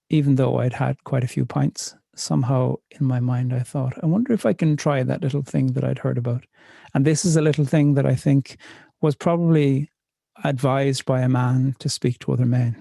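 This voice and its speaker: A Northern Irish man reads poetry and tells stories at an unhurried, thoughtful pace. His voice is low-toned, mellow and gravelly, with a bit of fry. The sound is dry and close, with no room around it. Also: no echo. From north of Ireland. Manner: slow, measured, reflective telling. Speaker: poet. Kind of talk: poetry reading and storytelling.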